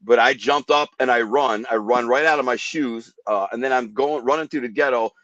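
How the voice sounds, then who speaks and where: A man's voice: mid-range voice, a little fast, a bit bright, no room sound. Man telling a vivid personal story. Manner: vivid, rambling, acts out quoted voices. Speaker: guest telling his story. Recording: dull dry podcast audio.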